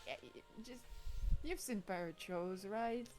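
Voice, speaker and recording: A woman's voice: mid-range voice, measured pace, darkish tone, soft background music. A woman chatting casually as a co-streamer, playfully coaxing and teasing. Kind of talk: casual chat.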